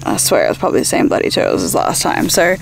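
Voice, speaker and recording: A young woman vlogs casually outdoors by a dam, joking around and acting out animals and people in silly voices. Her voice is fairly low and creaky, with huge pitch swings and a quick pace. It's phone camera video with a noisy outdoor background.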